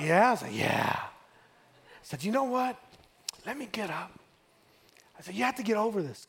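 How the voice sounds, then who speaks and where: A man's voice: high-pitched, vocal fry, husky. A middle-aged man from West Texas preaching a sermon, building call-and-response refrains and telling a family story. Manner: call-and-response, rising to shouts.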